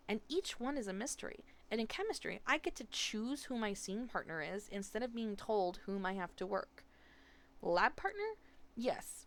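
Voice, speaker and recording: A woman doing a theatrical teenage prince. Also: on the high side. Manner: formal, old-fashioned phrasing, bursts of stage recitation.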